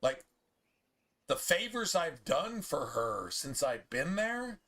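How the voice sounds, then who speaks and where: A man's voice: a little high, sing-song, slow pace, sharp tone. A man streaming a game, telling a heated, profane story in casual chat. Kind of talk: ranting chat over gameplay.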